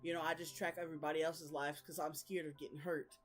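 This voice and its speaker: A woman's voice: deep voice, flat delivery, fast, soft background music, pitched below the performer's own voice, natural voice. Woman doing a mopey, self-pitying teen boy. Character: self-pitying teenage boy, gloomy loner.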